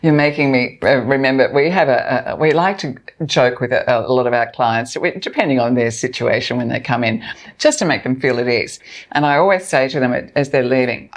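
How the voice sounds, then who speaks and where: A woman from a relief organisation talking in an interview, a lively storyteller who laughs easily. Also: extremely low pitch, brisk. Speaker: emergency relief organisation representative. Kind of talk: conversational interview.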